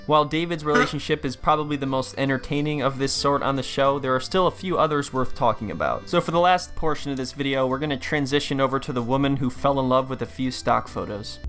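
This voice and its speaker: A man's voice: medium pitch, fairly bright tone. A man narrating a reaction video in a sarcastic, incredulous way. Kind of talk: narrated commentary.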